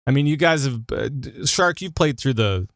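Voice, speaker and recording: A man's voice: mid-range voice, moderate pace, no echo, clean studio sound. A man hosting a gaming podcast in casual chat, rambling with lots of fillers. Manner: animated, chatty, lots of fillers. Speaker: podcast host.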